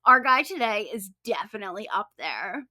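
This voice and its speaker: A woman's voice: mid-range voice, big pitch swings, normal speed, sharp tone, no room sound, clean studio sound. A woman co-hosting a true-crime podcast, telling the case in upbeat, chatty style with casual swearing. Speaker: podcast co-host and case writer.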